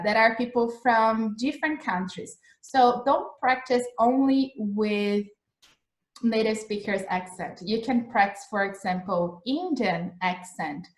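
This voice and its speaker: Chatty woman teaching in an echoey room. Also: mid-range voice. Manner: chatty, repeats phrases, frequent "like" and "right?". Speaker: English teacher. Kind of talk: casual live-streamed lesson. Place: home in Australia.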